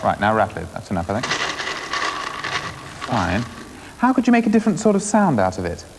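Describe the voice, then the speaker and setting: A man presenting a classroom music lesson to primary school children, asking brisk, encouraging questions. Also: on the low side, wildly swooping pitch, gravelly. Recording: 1980s schools TV, reverberant school hall, faint hiss.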